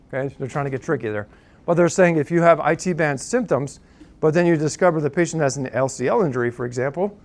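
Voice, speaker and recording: Man lecturing a class, lively asides. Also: on the high side. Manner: conversational, checks in with "right?" and "okay?"; dry joking asides.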